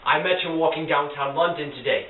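A young man playing a vain, dramatic young gentleman in an amateur drama, with a theatrical, overwrought delivery. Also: fairly high pitch, a little fast, natural voice. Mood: lovestruck. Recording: echoey, distant, tinny and lo-fi with hiss.

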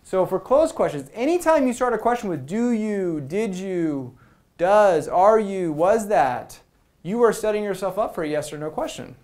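A man giving a presentation at a meetup. He talks to the audience in a conversational, energetic way and acts out quoted lines. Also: high voice, normal speed. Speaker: product management speaker.

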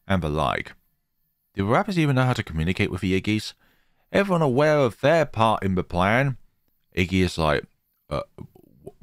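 A man's voice: deep voice, no room sound. A man hosting a let's play, reading a horror visual novel aloud and breaking off for joking asides. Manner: lively, jumping between reading and joking asides. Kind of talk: dramatic story reading with asides.

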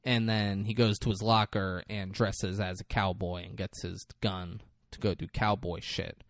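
A man's voice: deep voice, little pitch movement, a little slow, no echo, clean studio sound. A man co-hosting a casual podcast, recapping a film plot in a profane, rambling storytelling way. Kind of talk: casual chat.

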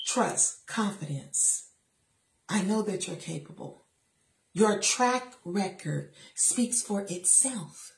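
A middle-aged woman speaks at a medium pitch, delivering a faith-based motivational talk while seated. She is emphatic and sassy and drops quick asides. The room adds a noticeable echo. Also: expressive, creaky, a little mellow. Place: seated in a chair.

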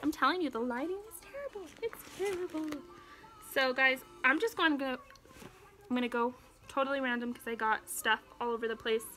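Breathless high-voiced young mom vlogger. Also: female voice, brisk, bright, forceful tone. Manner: chatty, keeps breaking off to talk to her toddler. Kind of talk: casual show-and-tell chat. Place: at home with a TV on. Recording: home video with background noise.

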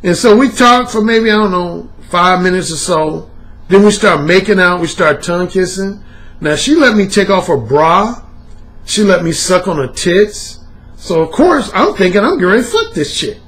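Animated, high-pitched man telling a story. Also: moderate pace. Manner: animated, profane, laughs while talking. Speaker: dating coach. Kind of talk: storytelling monologue.

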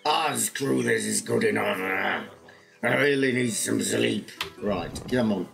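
A man's voice: medium pitch, slow pace, vocal fry, fairly bright tone, soft background music. A man casually commenting as he plays a game, rambling and narrating his own moves. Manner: rambling, self-narrating play. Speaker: gaming video host.

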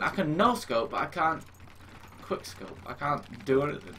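Self-mocking young gamer, swearing. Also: male voice, fairly high pitch, lively intonation, normal speed. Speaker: gaming YouTuber. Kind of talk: casual gameplay commentary. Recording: game noise behind the voice.

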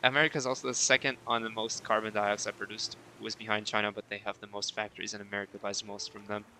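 A man's voice: lowish voice, flat delivery, fast, bright, forceful tone, a little hiss or hum. A man chatting casually on a live stream while he plays, reading viewer messages aloud and answering them playfully.

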